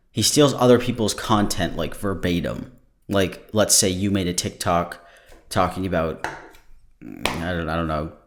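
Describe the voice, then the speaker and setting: Podcast host, man, very low voice, loose joking banter with swearing, sounds tired. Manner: joking, rambling, swears freely. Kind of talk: casual podcast chat.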